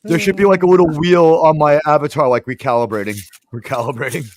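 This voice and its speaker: Joking man with a slightly high voice. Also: quick pace. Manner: joking, rambling asides. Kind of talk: casual chat.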